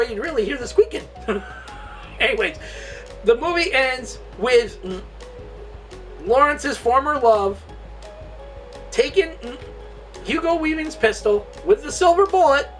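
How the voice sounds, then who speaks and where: A man excitedly retelling a movie's plot in a casual review vlog, cursing, laughing and filling gaps with "and stuff", recorded at a distance with faint music. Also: extremely high pitch. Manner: excitable and profane, laughs a lot, filler-heavy.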